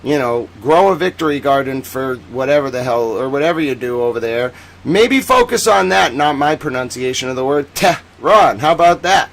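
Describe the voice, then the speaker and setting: A man hosting a livestream news commentary, theatrical and sarcastic, swinging between booming declarations and low mutters. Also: lively intonation, a little fast. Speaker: host. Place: home studio in Boston.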